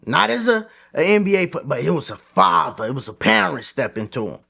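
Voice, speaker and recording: Man, high lively voice, sports vlog host, opinionated, slangy, casual. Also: a little fast, creaky, slightly rough. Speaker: host of a sports commentary channel.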